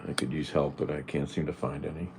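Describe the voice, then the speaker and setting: A man's voice: very deep voice, fairly even intonation, fast talker, dark tone, a little hiss or hum. A man livestreaming from home, rambling casually and talking back bluntly to viewer comments. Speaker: livestreamer reading chat. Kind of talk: casual live-stream chat.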